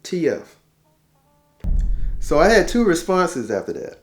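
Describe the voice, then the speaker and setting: A man's voice: on the high side, big pitch swings, unhurried, soft background music. A man in his forties telling a family story as a casual advice talk, acting out the dialogue with slang and laughing at himself. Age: 40s. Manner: conversational, uses slang and repetition. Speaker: relationship talk host.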